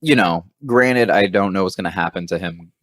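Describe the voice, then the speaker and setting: A man's voice: low-pitched, moderate pace, no echo, clean studio sound. A man, a comedian guest, chatting casually and jokily on a podcast, dropping into mock voices. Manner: animated, jokey, slips into mock voices.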